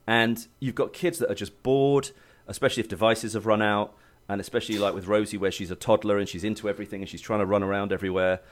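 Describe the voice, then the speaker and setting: A man's voice: fairly low pitch, fairly even intonation, quick pace, hardly any pauses. A man chats loosely on a talk show. He tells his stories in a rambling way, restarting his sentences and breaking into laughs. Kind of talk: casual chat.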